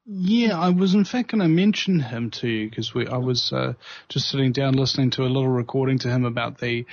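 Halting male host, dull lo-fi sound. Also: medium pitch. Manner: halting, many fillers. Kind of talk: conversational interview. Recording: dull lo-fi audio.

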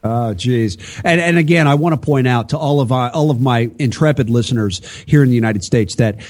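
A man's voice: mid-range voice, fairly quick, a little mellow. A man co-hosting a political talk show, lecturing in a preachy way with rhetorical questions. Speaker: podcast co-host.

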